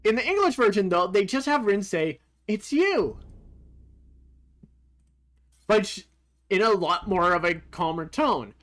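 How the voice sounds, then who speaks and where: Halting, thoughtful game streamer. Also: medium pitch, expressive, fairly bright tone. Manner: thoughtful, halting, with frequent "uh" while sorting thoughts. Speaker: streamer comparing game translations. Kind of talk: casual commentary over gameplay. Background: faint game music.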